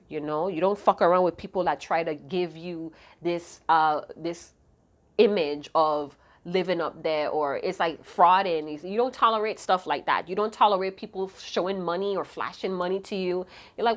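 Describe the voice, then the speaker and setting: Slightly hoarse, slangy woman tarot reader. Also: fairly low pitch, normal speed. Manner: chatty, slangy and profane, hums song snippets. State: slightly hoarse, losing her voice. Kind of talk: casual tarot reading to viewers.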